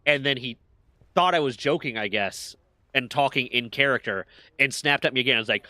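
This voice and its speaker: A man's voice: mid-range voice, a little fast, pushed and bright, dry recording. A man in casual chat, telling heated stories with plenty of swearing. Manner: profane, heated storytelling.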